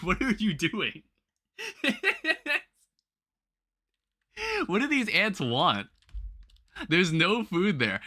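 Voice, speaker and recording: High, lively young man ranting casually. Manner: rambling, animated ranting with restarts and laughs. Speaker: livestream host. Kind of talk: casual livestream chat.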